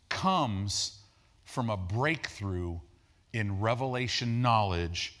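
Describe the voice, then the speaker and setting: A man in his sixties preaching a sermon, animated and emphatic, telling stories in a conversational way. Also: on the low side, takes it slowly.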